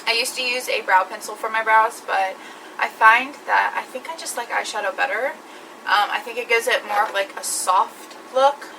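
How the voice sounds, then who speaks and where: A woman's voice: on the high side, normal speed, gravelly, sharp tone, distant mic, slight background noise, low-quality recording. A woman talking through her makeup routine step by step in a chatty vlog. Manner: chatty, explains each step. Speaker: beauty vlogger. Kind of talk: makeup tutorial.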